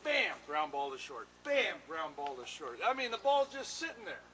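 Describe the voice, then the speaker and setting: An older man and retired pitcher, an interviewee who tells casual stories in an animated way and acts out what other people said. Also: moderate pace, low-quality recording. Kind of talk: casual anecdotal storytelling. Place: home bat workshop.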